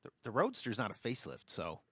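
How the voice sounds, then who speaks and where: A man's voice: fairly low pitch, huge pitch swings, quick pace, fairly bright tone, husky, no room sound. A man on a car podcast panel, giving laid-back answers and wisecracks. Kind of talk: casual panel chat.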